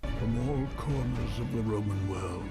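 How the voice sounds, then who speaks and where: A man narrating a movie trailer in a deep, solemn, dramatic voice. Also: unhurried, lightly acted. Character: grave male epic trailer narrator. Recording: trailer with loud music.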